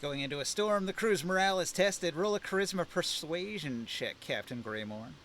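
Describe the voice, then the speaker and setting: Game master man, easygoing narration, slightly raised pitch, faint background noise. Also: lively intonation, moderate pace, a bit bright. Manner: easygoing, with fillers and laughs.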